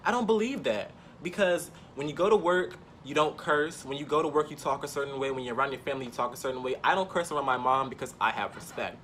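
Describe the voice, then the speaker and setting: A man's voice: mid-range voice, fast talker, few pauses, a bit bright, a little hiss or hum. A man telling a personal story in an emphatic, impassioned way, repeating points for stress.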